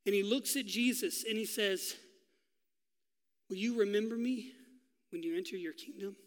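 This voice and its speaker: A male pastor preaching a sermon, telling a story with drama and dropping to a hush for key lines. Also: high-pitched, moderate pace, big-room sound. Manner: dramatic storytelling, swinging from loud to hushed.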